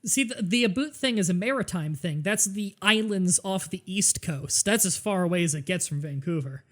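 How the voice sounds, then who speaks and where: A man's voice: high voice, moderate pace. Chatty Southern Ontario Canadian man gaming. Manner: chatty, lively, laughs easily, explains at length. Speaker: streamer playing a game. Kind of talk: casual gaming commentary.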